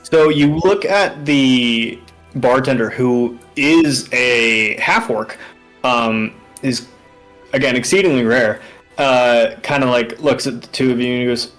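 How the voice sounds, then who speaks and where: A man's voice: medium pitch, takes it slowly, a bit bright, faint music behind, low-quality recording. A man narrating a tabletop game as game master, rambling with many fillers.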